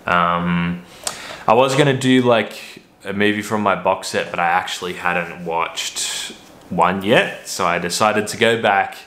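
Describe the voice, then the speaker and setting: A man with a deep, low voice hosts a casual movie review vlog. His tone is bright and forceful, yet he rambles and sounds hesitant, stopping and restarting often. The room around him has a noticeable echo.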